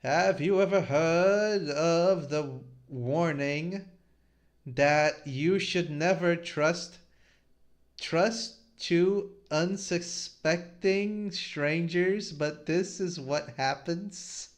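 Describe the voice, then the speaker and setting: A man's voice: on the high side, drawn-out words. A man hosting a casual comic-review podcast, reading panels aloud and laughing often. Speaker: podcast host.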